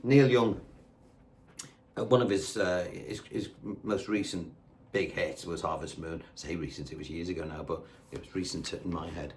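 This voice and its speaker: A man's voice: sits low, moderate pace, darkish tone, slight background noise. A man teaching guitar casually, scatting rhythm syllables aloud while he plays. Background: acoustic guitar playing.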